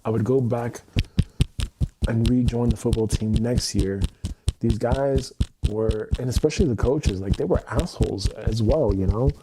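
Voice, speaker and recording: A man's voice: medium pitch, unhurried. A young man venting angrily on a livestream, swearing heavily and repeating himself. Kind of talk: emotional livestream monologue. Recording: noisy stream audio.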